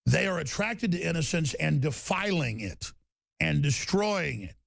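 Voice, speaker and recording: Man, radio talk host, raised pitch, gravelly rasp, intense rant, stammers, shouts. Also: animated, measured pace, dry recording.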